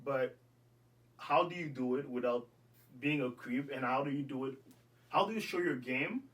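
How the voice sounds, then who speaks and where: A man hosting a casual chat, relaxed and joking, often stalling with fillers and repeated words. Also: medium pitch, moderate pace, recorded from a distance. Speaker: host.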